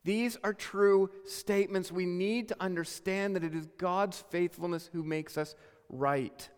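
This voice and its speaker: A male pastor delivering a sermon in a church sanctuary, his fairly high voice carrying a long reverb tail through the hall. He preaches earnestly, sinking into soft, low asides and then climbing into emphatic calls to the congregation. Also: fairly even intonation, unhurried, clear, resonant tone.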